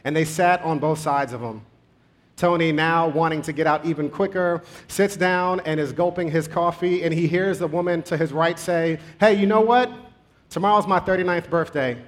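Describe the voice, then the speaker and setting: A man preaching a sermon, telling a story conversationally with pace that speeds up and slows down. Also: on the high side, steady tone.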